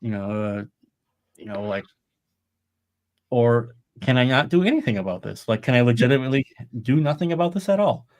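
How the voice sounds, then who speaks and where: Very animated and brisk, a middle-aged podcast co-host with a medium-pitched voice chats loosely on a live stream, swearing liberally and rambling, yet he still drops in long pauses.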